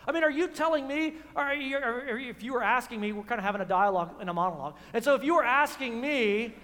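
A man preaching a sermon in a sarcastic, quick manner, often repeating words, in a church. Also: very high voice, expressive, pushed and bright. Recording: long hall reverb.

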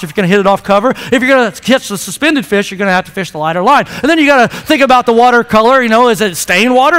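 A man in his thirties preaches a chatty, playful sermon to his congregation in a church sanctuary, captured with long hall reverb. His very high voice is fairly bright and clean, and he often repeats words as he starts a sentence.

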